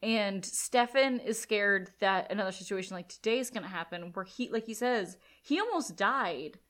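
A woman co-hosts a podcast, recapping a TV episode in relaxed chat. Her voice is middle-pitched and easygoing, and she agrees often and fills gaps with casual filler words. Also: moderate pace. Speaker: podcast co-host.

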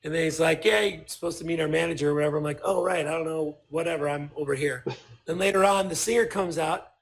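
A man, a podcast guest telling a story in casual chat, animated and swearing as he acts out what people said. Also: on the high side, fast talker, vocal fry.

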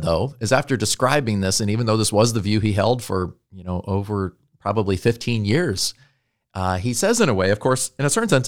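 A man professor giving an earnest lecture on literature and faith, reading passages slowly and tagging his points with "right?". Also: lowish voice.

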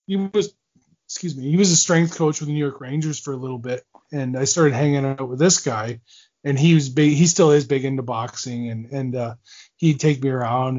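A man, a former hockey player, telling lively stories as a guest in a casual podcast interview, acting out quotes and laughing often. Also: medium pitch. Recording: dull lo-fi podcast audio.

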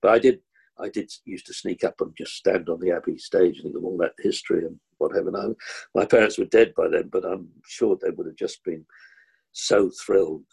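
Gravelly-voiced older actor telling stories. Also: male voice, sits low, fairly quick. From Kilburn, London. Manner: animated, acts out the people in his anecdotes. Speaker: actor, interview guest. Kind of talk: anecdotal storytelling.

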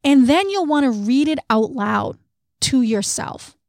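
A woman's voice: high voice, lively intonation, measured pace, no room sound, clean studio sound. A woman co-hosting a self-help podcast, talking candidly and casually, laughing at herself now and then. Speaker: podcast co-host.

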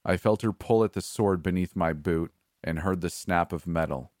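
A man reading a first-person story aloud in steady, measured narration. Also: sits low, no room sound, clean studio sound.

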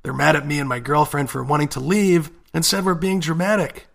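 A man co-hosting a casual podcast, reading a listener's letter aloud and reacting with animated, profane outrage. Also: on the high side, brisk, gravelly. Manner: animated, swears freely, reads letters aloud. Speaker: podcast co-host.

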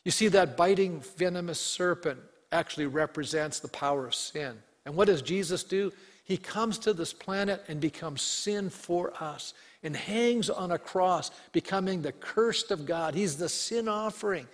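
A man preaching a sermon as pastor, reading scripture aloud with earnest emphasis and letting key lines fall slow and soft. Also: high voice, big-room sound.

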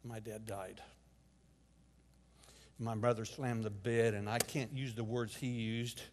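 A man preaching a sermon as a guest speaker in a church, telling a personal story with emotional swings from hushed to loud. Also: mid-range voice, steady tone, normal speed, noisy background. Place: church sanctuary. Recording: long hall reverb.

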